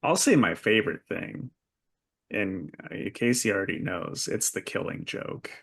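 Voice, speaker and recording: A man with a gravelly, creaky voice co-hosting a podcast. He talks in an easygoing way, giving measured opinions in relaxed conversation. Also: lowish voice. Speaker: podcast co-host. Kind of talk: casual chat.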